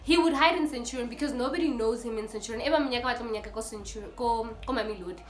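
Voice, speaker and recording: A young South African woman with a South African accent telling a story in a casual vlog, lively and acting out the people in it. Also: fairly high pitch, racing, roomy sound. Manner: animated, switches between English and Setswana, acts out the people in her story. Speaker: YouTuber.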